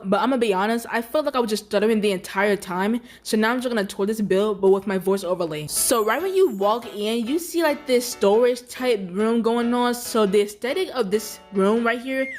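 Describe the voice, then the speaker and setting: A young woman giving an excitable, giggly, slangy voice-over tour of a game build. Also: on the high side. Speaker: vlogger touring a game build. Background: background music.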